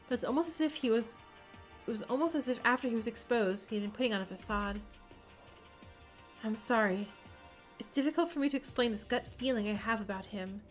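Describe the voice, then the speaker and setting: Brief: composed, thoughtful young woman, read by a woman, high voice, faint music behind. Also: natural voice.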